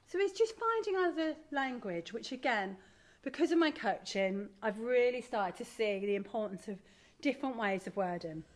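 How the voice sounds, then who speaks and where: A middle-aged woman giving a candid, animated talk to an audience as a parent. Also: on the high side, normal speed. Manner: animated, candid, self-deprecating. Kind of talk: live presentation to an audience.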